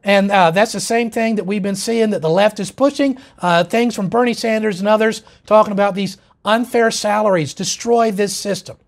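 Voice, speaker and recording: A man's voice: high-pitched, normal speed, vocal fry, few pauses. A man presenting a political lecture in an emphatic, insistent way.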